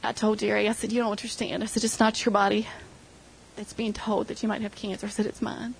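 A woman's voice: medium pitch, flat delivery, quick pace, creaky, a little hiss or hum, low-quality recording. A middle-aged woman sharing an emotional personal testimony with her church group, retelling conversations as she goes. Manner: emotional storytelling, quoting others.

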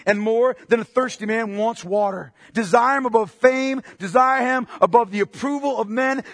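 A male preacher with a strikingly high voice delivers an impassioned sermon, pressing his listeners with pointed questions. He drops to near-whispers, then builds to forceful declarations. His voice sounds dry and close, yet a long reverb trails behind it. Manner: impassioned, swings from hushed to forceful.

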